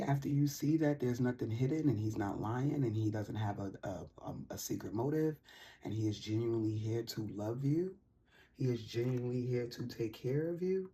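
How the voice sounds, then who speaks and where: A woman hosting a casual tarot reading vlog with a mellow, husky voice. She talks in loose, slangy bursts, teasing and encouraging by turns. Her delivery is playful and animated. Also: very deep voice. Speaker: tarot reader.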